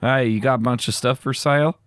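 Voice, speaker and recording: A man making a prank call who asks casual questions in a deadpan way. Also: mid-range voice, brisk, smooth. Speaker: prank caller.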